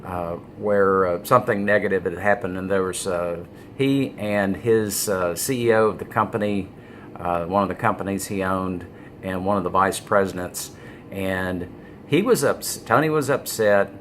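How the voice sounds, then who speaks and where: A man giving a casual vlog monologue about business, halting with many fillers and leaning hard on key words. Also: low voice, a little hiss or hum. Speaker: business vlogger. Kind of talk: casual talking-head monologue.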